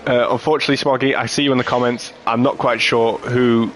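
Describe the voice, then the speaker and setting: A man commentating on an online racing league, chatty and jokey, and he builds up excitement at the start. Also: medium pitch, fast, slight background noise. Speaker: lead sim racing commentator. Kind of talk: race commentary.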